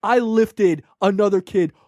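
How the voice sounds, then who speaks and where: A man's voice: high voice, measured pace, darkish tone, no room sound, clean studio sound. A man hosting a podcast, telling a story in casual, profane chat with lots of fillers. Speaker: podcast host.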